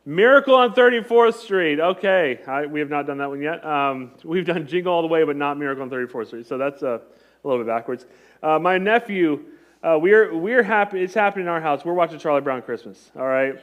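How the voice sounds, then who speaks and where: A man in his thirties gives a relaxed, talkative sermon. He jokes with the congregation and often breaks off mid-sentence to restart. His voice sits a little higher than most men's. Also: fairly quick. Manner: chatty, joking, self-interrupting. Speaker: pastor. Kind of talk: conversational sermon.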